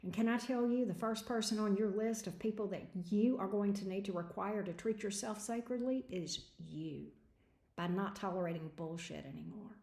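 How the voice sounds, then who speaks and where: A woman reading tarot on a livestream, talking frankly and casually with plenty of slang. Her voice has a medium pitch for a woman. The room around her sounds echoey. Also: normal speed, gravelly, warm tone. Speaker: tarot reader.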